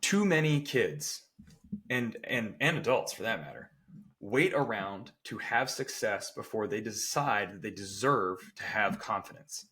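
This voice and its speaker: A strength coach talks casually on a podcast in a lowish, bright, forceful voice, expressive and at a measured pace. He is emphatic, often checking in with "right?", and acts out other people's quotes in playful voices.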